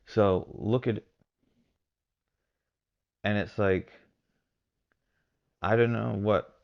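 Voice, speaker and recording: Deep gravelly-voiced man, muffled. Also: fairly even intonation, extremely slow. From Texas. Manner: rambling, hedging with fillers. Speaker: podcast host. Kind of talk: casual solo commentary.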